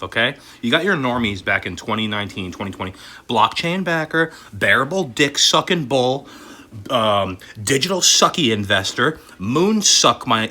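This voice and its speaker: A crypto and collectibles YouTuber rants furiously in a profane vlog, his husky, mid-range voice swinging between shouting and muttering as he swears.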